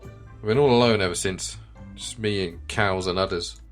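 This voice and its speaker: A bitter, self-pitying middle-aged farmer from a video game, a widower who talks in a plain, resentful and defensive way, as a man reads his lines aloud. The voice sits fairly low. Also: normal speed, soft background music, natural voice.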